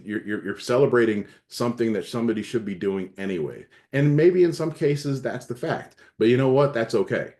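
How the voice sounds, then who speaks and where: Earnest low-voiced male leadership coach. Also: darkish tone. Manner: earnest, repeats words and restarts, emphatic. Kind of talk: recorded training session presentation.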